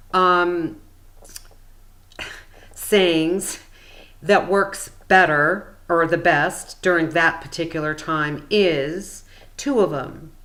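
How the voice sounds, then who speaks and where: A woman's voice: fairly low pitch, a bit bright. A woman spiritual coach explaining things in a casual, meandering, chatty way with frequent fillers.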